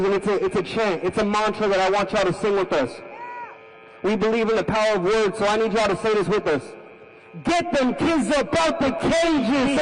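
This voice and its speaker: A man's voice: sits high, a little hiss or hum, low-quality recording. A man, a musician, speaking to an outdoor protest crowd in a friendly, rousing way, addressing them as y'all.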